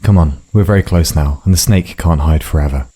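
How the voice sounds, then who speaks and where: A man voicing a gruff, secretive, hard-drinking old woman who talks in a dry, curt, mumbling way. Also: extremely low pitch, a little fast, mellow. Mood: dry, offhand.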